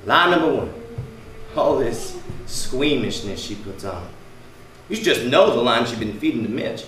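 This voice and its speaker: An actor playing a brash, mocking working-class husband who taunts and bullies, in an amateur stage play. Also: male voice, mid-range voice, sing-song, measured pace, slight background noise. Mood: sneering. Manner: sneering, taunting, forceful. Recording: echoey room, distant mic.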